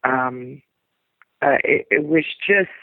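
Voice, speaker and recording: Gravelly New woman over a phone line. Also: rumbling low, slow pace, no room sound. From New Orleans, USA. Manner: rambling and searching for words, with many trailing restarts. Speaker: actor. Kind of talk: interview storytelling. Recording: tinny dry phone-line sound.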